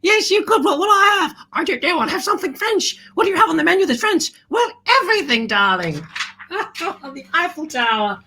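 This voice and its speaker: Flamboyant glam hostess for kids, high bright voice, swooping delivery, darling-dropping. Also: female voice, big pitch swings, brisk, heavily acted. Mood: gushing. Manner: flamboyant, calls everyone darling. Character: grand, gushing, glamorous lady show host. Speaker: host. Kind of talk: theatrical kids' show hosting.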